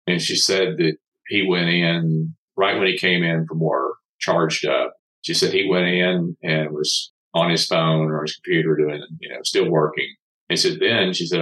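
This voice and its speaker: A man's voice: low voice, steady tone, normal speed, a bit bright, low-quality recording. A man, a company founder appearing as a podcast guest, telling a heartfelt story in an earnest way. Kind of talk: storytelling in an interview.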